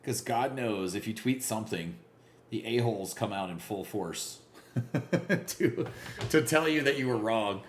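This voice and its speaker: A man hosting a casual live game stream, greeting viewers by name and reacting loudly to big plays. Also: on the low side, a little slow, echoey room, a little hiss or hum. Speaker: livestream gamer.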